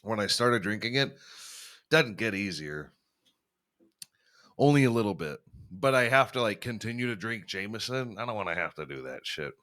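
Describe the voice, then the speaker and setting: A man's voice: fairly low pitch, lively intonation, moderate pace, pauses often, a bit bright. A young man hosting a podcast, rambling and swearing freely, often laughing at himself. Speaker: podcast host. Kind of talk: casual chat.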